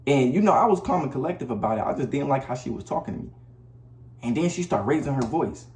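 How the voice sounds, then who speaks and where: Talking straight to the camera, a male vlogger gives blunt, preachy relationship advice in slangy, repetitive casual speech. He's medium-pitched, animated, and quick, with a darkish tone and reverb from the camera mic.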